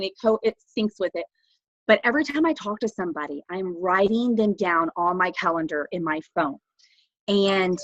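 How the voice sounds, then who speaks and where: Lively, bright-voiced chatty woman. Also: dry recording, muffled recording. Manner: bubbly, animated, quotes people in high voices. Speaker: network marketing team member. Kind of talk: casual team training call.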